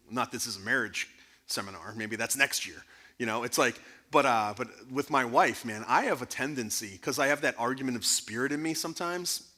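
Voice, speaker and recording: A man speaking as guest speaker at a church conference, answering audience questions in an earnest, animated way. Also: mid-range voice. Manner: earnest, animated, rising to emphatic bursts. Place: church sanctuary.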